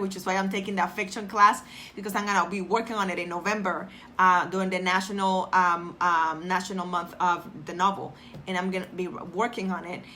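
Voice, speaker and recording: A woman's voice: a little high, sharp tone, a little hiss or hum. A middle-aged woman talking casually and earnestly to her viewers, repeating phrases for emphasis and often restarting her sentences. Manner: addresses viewers directly, reads out commenters' names. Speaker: motivational vlogger. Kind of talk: casual motivational talk to viewers.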